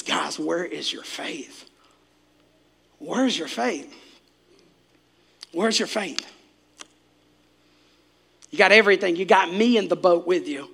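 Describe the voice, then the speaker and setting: A man preaching a sermon, speaking straight to the congregation, swinging from shouts down to hushed near-whispers. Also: high voice. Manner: preachy, direct address to congregation. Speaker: pastor.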